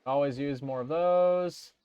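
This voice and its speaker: A man's voice: a little high, measured pace, mellow, clean tone, no room sound, highs cut off. Man, let's play commentator, casual, reads game text, dry recording. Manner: reads game text aloud, thinking aloud with fillers.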